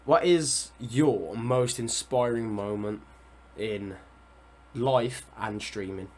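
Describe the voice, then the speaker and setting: A man hosting a podcast, asking short, relaxed interview questions. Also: fairly low pitch, slow, a little hiss or hum. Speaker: podcast host. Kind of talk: casual interview.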